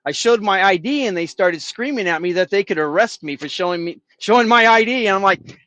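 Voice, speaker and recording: A man's voice: sits high, expressive, fairly quick, pushed and bright, no room sound. A man from San Diego telling a story indignantly as a guest in a casual chat. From San Diego, California, United States.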